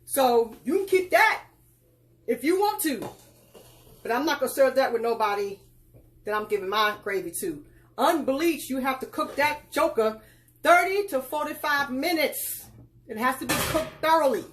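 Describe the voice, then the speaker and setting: A woman's voice: sits high, animated, moderate pace, a bit bright. A woman hosting a live cooking tutorial, giving folksy, instructive directions and calling her viewers child and girl. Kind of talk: casual live cooking demonstration.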